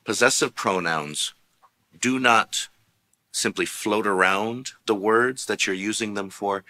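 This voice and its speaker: A man teaching a language lesson, explaining grammar patiently and clearly. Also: low-pitched, bright, forceful tone.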